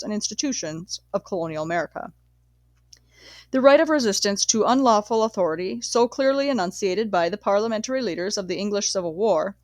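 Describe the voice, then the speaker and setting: A woman reading a nonfiction history book aloud in a measured, steady way, sometimes correcting herself. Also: mid-range voice, no room sound. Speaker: audiobook reader.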